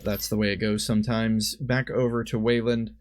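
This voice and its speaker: A man's voice: fairly low pitch, flat delivery, normal speed, dry recording. A man giving casual commentary on a card game, thinking aloud and often stopping to correct himself. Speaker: streamer and commentator.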